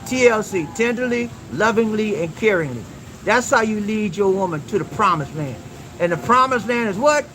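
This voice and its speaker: A man's voice: high voice, expressive, moderate pace, fairly bright tone, a little hiss or hum, low-quality recording. A man hosting a relationship advice talk, preaching emphatically to his viewers with call-and-response questions and repeated lines.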